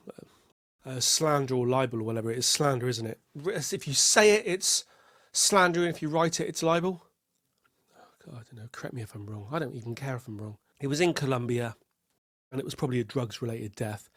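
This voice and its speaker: A man's voice: mid-range voice, a bit bright, no echo, clean studio sound. A man hosting a solo podcast, telling rambling wry stories and acting out quotes. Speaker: podcast host.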